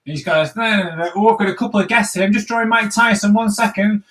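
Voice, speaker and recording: High, bright-voiced man chatting while drawing. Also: fast, poor audio. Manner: playful, chatty, narrating while sketching. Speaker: comic artist hosting a live drawing stream. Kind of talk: live stream chat while drawing.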